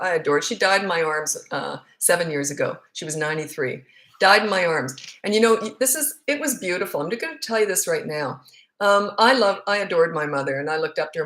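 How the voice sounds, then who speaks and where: A woman's voice: fairly low pitch, fairly bright tone. A middle-aged woman, a parenting coach, answering viewer questions in a casual, blunt and frank way, repeating words for emphasis.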